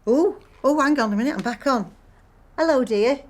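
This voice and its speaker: A talkative woman in her sixties, stuck on hold on the phone. She rambles on with a dry, wry humour, and her voice sits a little on the low side. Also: lively intonation, a little slow, a little mellow, heavily acted. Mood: wry musing. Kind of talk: film monologue acting.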